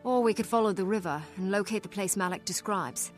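An actress with an English accent playing a perceptive female sylvari warrior who speaks in a soft, probing way in a video game scene. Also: mid-range voice, brisk, soft background music, natural voice.

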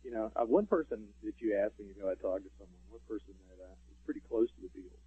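A man's voice: on the low side, fast talker, breathy edge, no echo. A man, a radio show guest, telling stories in casual interview talk with lots of fillers. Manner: rambling storyteller, many fillers. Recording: tinny phone line.

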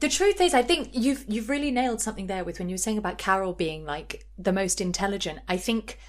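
A woman's voice: mid-range voice, animated, fast. A woman co-hosting a podcast in casual pop-culture chat, gossipy and given to acting out quotes. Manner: gossipy, acts out quotes in bursts. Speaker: podcast co-host.

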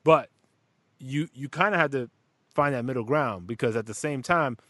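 A man's voice: mid-range voice, normal speed, no room sound. Profane, rambling man, dry sound. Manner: rambling, profane, animated storytelling. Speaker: podcast host and father. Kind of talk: casual chat.

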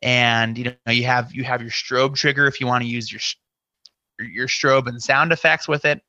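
Man, podcast guest, bright tense voice, rambling storytelling, acted-out quotes, dry slightly dull audio. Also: mid-range voice, steady tone, moderate pace, no room sound. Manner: rambling, full of "you know" and acted-out inner quotes. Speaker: podcast guest, scare actor. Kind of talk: casual interview storytelling.

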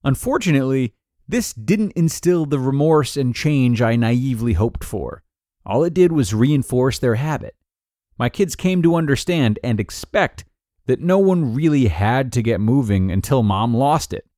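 A man's voice: mid-range voice, lively intonation, normal speed, dark tone, no echo, studio quality. A man hosting a podcast, reading a parenting article aloud and acting out the quoted lines. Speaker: podcast host and narrator.

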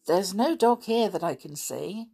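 A woman voicing a polite older schoolboy who pretends to be puzzled, in a husky voice. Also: mid-range voice, lively intonation, unhurried, mellow, heavily acted.

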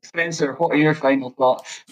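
A man's voice: a little high, fairly even intonation, normal speed, rough recording. A man appearing as a guest on a casual podcast, giving his views hesitantly and thoughtfully.

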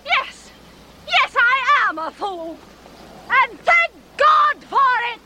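High bright woman in a period film, furious and jealous, slow scornful shouting at her lover. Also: sing-song, heavy background noise, full character voice. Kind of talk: period film drama acting.

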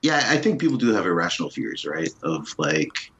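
A man's voice: low-pitched, big pitch swings, moderate pace, a bit bright, highs cut off. A man appearing as a podcast guest, a game programmer speaking modestly with dry humor. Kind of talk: casual podcast chat.

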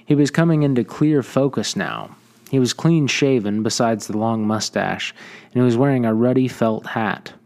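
A man reading a western short story aloud in measured audiobook narration. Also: medium pitch, a little mellow.

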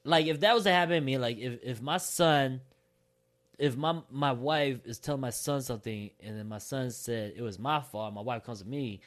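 A man's voice: mid-range voice, normal speed. A young man and father in casual podcast chat, laid-back and slangy, swearing freely.

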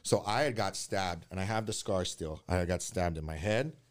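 A young man, a podcast guest, telling his life story in a candid, earnest way with halting restarts, speaking softly when it gets emotional. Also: deep voice. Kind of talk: personal life story in conversation.

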